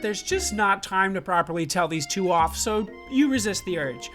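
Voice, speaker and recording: A woman's voice: medium pitch, expressive, moderate pace, few pauses, fairly bright tone, soft background music. A young woman streamer giving giggly, gushing let's-play commentary as she reads a story game aloud. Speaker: gaming streamer.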